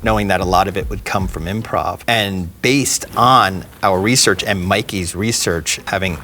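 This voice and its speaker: A man's voice: sits low, moderate pace, sharp tone, slight background noise. Enthusiastic middle-aged man from New Jersey. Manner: enthusiastic, laughs easily, some restarts. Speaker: film director and editor. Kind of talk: casual interview chat.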